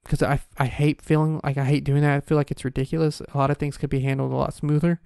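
A man in his twenties telling a story in a casual, profane, animated rant. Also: on the high side, fast, vocal fry, clear, resonant tone, no echo, studio quality. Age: 20s.

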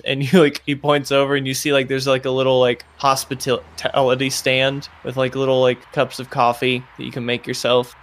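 A man's voice: medium pitch, monotone, moderate pace, few pauses. A man narrating a tabletop game as game master, rambling with lots of fillers. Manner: rambling, many fillers, laughs often.

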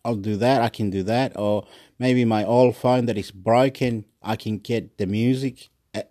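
A man's voice: on the low side, fairly even intonation, unhurried, dark tone, dry recording, clean studio sound. An Australian man hosting a solo podcast, rambling and restarting as he talks into his phone's recording app. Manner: rambling, restarts often, mixes in Spanish greetings. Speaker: podcast host.

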